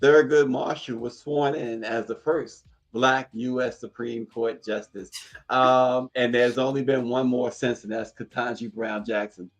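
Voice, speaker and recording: Gravelly-voiced man, chuckling co-host. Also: mid-range voice, fairly even intonation, measured pace. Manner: chuckles often while talking. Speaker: morning show co-host. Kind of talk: casual news chat.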